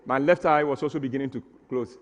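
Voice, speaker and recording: A man's voice: medium pitch, fast, long reverb tail, slight background noise. A man tells a comic story on stage, acting out the scenes with mock drama. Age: 60s. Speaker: stage performer.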